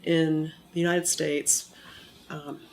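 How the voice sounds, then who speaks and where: An accent modification instructor explaining in an interview, in a measured, teacherly way, sounding a little monotone from a recent cold. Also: medium pitch. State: recovering from a cold, somewhat monotone.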